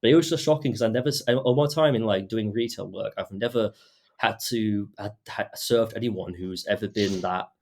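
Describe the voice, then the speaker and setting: Casting: young male podcast host, low-pitched voice, halting casual storytelling, lots of "um". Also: darkish tone. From Britain and Australia. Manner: hesitant, many fillers and restarts.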